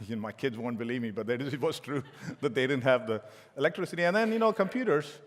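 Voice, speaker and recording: A man's voice: medium pitch, expressive, fast. A middle-aged man giving a conference keynote as a tech executive, telling joking anecdotes with frequent restarts. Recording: long hall reverb.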